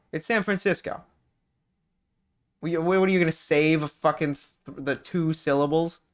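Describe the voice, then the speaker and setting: Streaming for his viewers, a California man reads their messages and chats casually. His voice is fairly high with a clean tone, and he's animated and profane, rambling on with many restarts and plenty of swearing.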